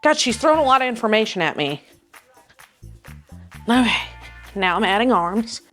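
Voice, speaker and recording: A woman's voice: fairly high pitch, sing-song, normal speed, a bit bright, faint music behind. A young woman vlogging at home on a clip-on mic, rambling and joking at her own expense. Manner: rambling, self-deprecating, joking. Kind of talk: casual chatty workout vlog. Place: living room at home.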